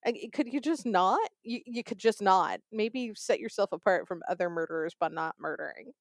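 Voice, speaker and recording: A woman's voice: mid-range voice, lively intonation, moderate pace, no echo, studio quality. A young woman hosting a true crime podcast, telling the story in a sarcastic, conversational way. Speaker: podcast host.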